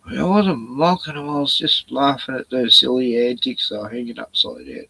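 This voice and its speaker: A man's voice: medium pitch, animated, normal speed, creaky, few pauses, bright, forceful tone, husky, rough recording. A man chatting on a live stream in a rambling, profane rant full of sarcastic jokes, short on sleep. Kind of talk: casual ranting chat.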